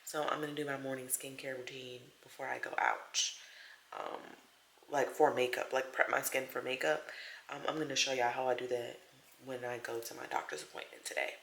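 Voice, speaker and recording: Chatty young woman, bright and echoey. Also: extremely low pitch, fairly quick, creaky, a little hiss or hum. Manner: chatty, animated, acts out quotes. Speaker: vlogger. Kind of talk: casual storytelling vlog. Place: home, small room. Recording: echoey room.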